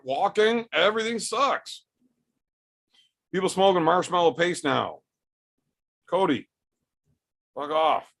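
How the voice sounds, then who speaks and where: A man's voice: a little high, creaky, a bit bright. A young man, casually reading and answering live chat with blunt, profane jokes. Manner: profane, blunt, joking banter.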